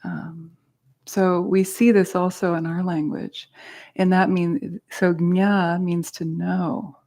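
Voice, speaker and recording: A woman's voice: on the low side, flat delivery, slow, warm tone. A woman teaching a meditation class, patiently explaining terms in a casual way and adding self-aware asides to the group.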